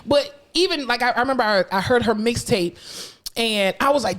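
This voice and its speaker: Young woman podcast co-host, fairly high voice, brash and foul-mouthed, tells stories with big energy. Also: a little fast. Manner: brash, profane, animated storytelling. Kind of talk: casual chat.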